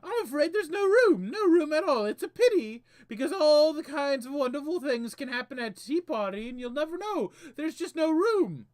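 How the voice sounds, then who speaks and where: A man doing a shrill, fussy Hatter. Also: expressive, moderate pace, hardly any pauses. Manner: shrill, sing-song, theatrical. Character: fussy excitable male Hatter at a tea party. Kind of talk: game text read aloud in voices.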